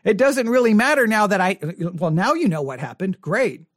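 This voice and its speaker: A man's voice: high voice, lively intonation, moderate pace, no echo. A man, a pastor, talking earnestly to the camera from a studio and thinking aloud with many restarts. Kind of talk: reflective monologue to camera.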